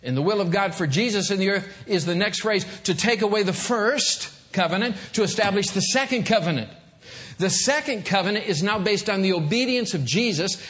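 High-voiced man preaching a sermon. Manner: animated, acts out little scenes. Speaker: guest preacher. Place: church.

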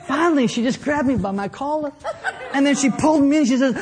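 A man's voice: extremely high pitch, expressive, moderate pace, noisy background. A middle-aged man preaching a sermon, telling a humorous story and then building into fervent preaching. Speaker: pastor.

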